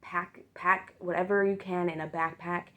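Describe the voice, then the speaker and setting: A woman's voice: on the low side, steady tone, normal speed, sharp tone. A woman casually retelling a vivid dream as a storytime, swearing freely and using lots of fillers.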